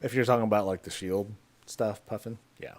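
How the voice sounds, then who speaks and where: A man's voice: lowish voice, steady tone, brisk, darkish tone. A man streaming a video game, chatting loosely with viewers and answering their questions while he plays. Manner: rambling, answers chat between in-game moves. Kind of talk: casual live-stream chat while gaming. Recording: faint background music.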